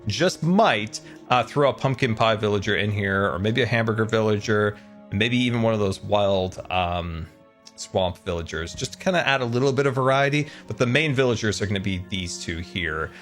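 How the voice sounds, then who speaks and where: A man giving commentary on his own Minecraft gameplay, swinging between frantic high-pitched panic and relaxed explanation. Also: moderate pace, faint music behind. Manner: panicky, squealing, laughing while playing. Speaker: Minecraft YouTuber.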